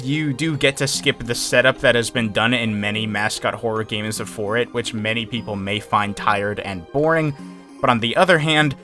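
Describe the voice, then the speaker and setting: A man's voice: mid-range voice, pushed and bright. A man giving a candid, opinionated game review in casual commentary, often hedging his points.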